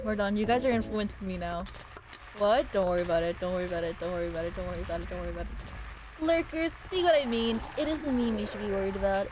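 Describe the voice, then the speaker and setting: A woman streaming a game, chatting with her chat in a playful, rambling, teasing way, with sudden squeaky yells. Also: background noise. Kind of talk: casual gaming livestream chat.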